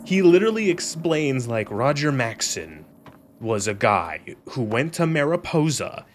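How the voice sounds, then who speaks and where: A man's voice: mid-range voice, very animated, unhurried, a little hiss or hum. A young man on a gaming stream, rambling sarcastically with lots of swearing and laughter. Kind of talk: casual gaming stream commentary.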